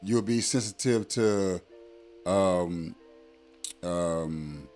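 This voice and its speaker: A man's voice: sits low, drawn-out words, darkish tone, soft background music. A man in his thirties speaking as a parent in a casual conversation, blunt and emphatic with many fillers. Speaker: guest parent.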